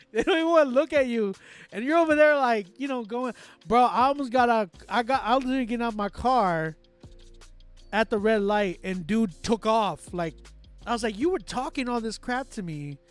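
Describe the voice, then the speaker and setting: A man from Texas with a Texan accent, hosting a casual chat and telling animated, self-mocking stories. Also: very high voice, moderate pace, long pauses, faint music behind. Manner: animated storytelling, loud excited outbursts, self-mocking laughs. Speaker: host. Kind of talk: casual chat with live chat readers.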